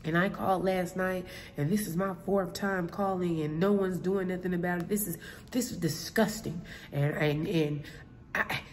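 A woman's voice: fairly low pitch, fairly even intonation, moderate pace. A woman vlogging casually from her job as a concierge, talking straight to her viewers and laughing often. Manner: chatty, addresses viewers as y'all, laughs often. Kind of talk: casual storytelling vlog. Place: indoors at her workplace.

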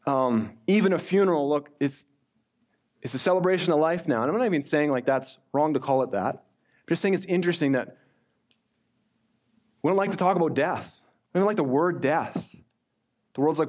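A middle-aged male pastor preaching a sermon in a conversational way, slowing down when he reads scripture aloud. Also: a little high, expressive, a little mellow.

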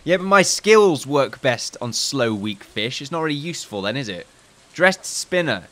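A man chats his way through a farming game, wandering off into jokey tangents and reading item descriptions aloud. His voice sits in a middle pitch with a bright, forward edge. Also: very animated, normal speed. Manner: rambling, jokey asides, reads game text aloud. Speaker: let's play host. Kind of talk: casual gameplay commentary.

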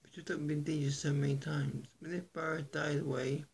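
A man vlogging to his viewers in an earnest, halting, soft-spoken way, with a gravelly, husky voice. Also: on the high side, flat delivery. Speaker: YouTuber. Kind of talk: casual vlog to camera.

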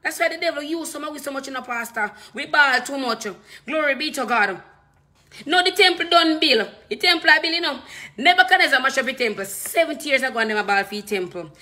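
A woman preacher with a Jamaican accent delivers a sermon with fervent, emphatic force. Her voice sits high and rings bright and forceful. She drives her points home through repetition and drifts freely between patois and standard English. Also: animated, quick pace. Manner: impassioned, emphatic preaching with repeated phrases.

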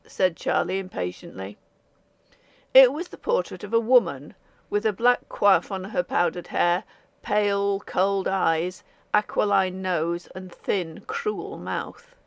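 A woman narrating a ghost story audiobook in a measured, even storytelling manner. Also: mid-range voice, gravelly, no echo. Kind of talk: scripted narration.

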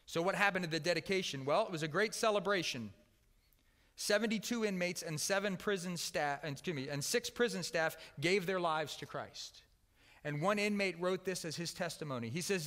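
A man preaching a sermon with earnest emphasis, often dropping to a soft, quiet voice on key words. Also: high-pitched, normal speed, big-room sound. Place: church sanctuary.

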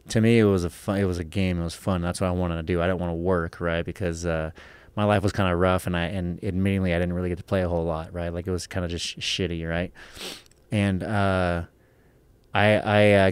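The recording is clean with no echo, carrying a man's low, darkish voice. A podcast guest from Los Angeles, USA, he spins casual stories with plenty of cursing and a rambling habit of saying "right?".

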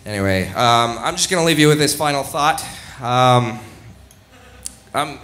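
On a comedy club stage, a young stand-up comedian performs a live set into the mic, rambling, putting himself down, and chuckling at his own jokes. His mid-range voice is expressive, a bit bright, and a little slow.

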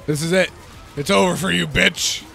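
A woman chatting playfully while gaming with friends, laughing and shouting in bursts. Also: on the low side, normal speed, gravelly, faint music behind, a faint crowd. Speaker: gamer. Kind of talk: casual gaming chat.

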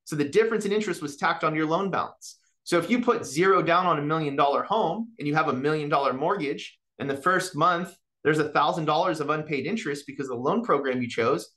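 A man giving an animated mortgage market presentation to real estate agents, often tagging his points with "right?" and acting out client conversations. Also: a little high, fast, hardly any pauses. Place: office meeting or online session with chat.

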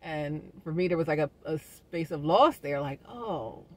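A woman's voice: low voice, lively intonation, a little slow. A woman hosting a wellness show, talking through her thoughts in a casual, soul-searching monologue and coming back to the same questions again and again. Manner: gentle, faith-minded encouragement. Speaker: host of a wellness community show.

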